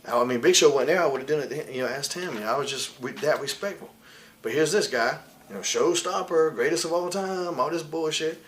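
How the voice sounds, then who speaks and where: A man in his forties, a wrestler appearing as an interview guest, tells candid stories in a fairly bright, somewhat high voice at a brisk clip. He is blunt, heated and swears often, mimicking other people in put-on voices when he quotes them. A slight background noise sits under the recording.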